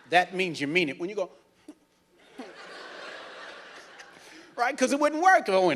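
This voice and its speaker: High-voiced man doing cruise-ship stand-up. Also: big pitch swings, moderate pace, long pauses. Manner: loud, teasing crowd banter. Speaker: cruise director. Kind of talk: stand-up comedy on stage.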